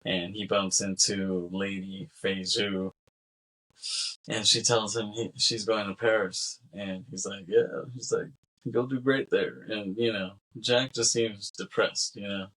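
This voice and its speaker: A man's voice: lowish voice, level tone, measured pace, fairly bright tone, low-quality recording. A man co-hosting a podcast, casually recapping a film scene by scene, acting out the characters' lines and laughing between them. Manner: rambling recap with acted-out quotes and laughs. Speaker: podcast co-host.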